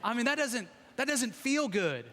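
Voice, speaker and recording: A man's voice: very high-pitched, big pitch swings, moderate pace, a bit bright. A man in his forties giving a chatty, self-deprecating sermon, joking with the congregation in a large church sanctuary. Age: 40s. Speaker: guest preacher. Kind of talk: conversational sermon. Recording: long reverb of a church hall.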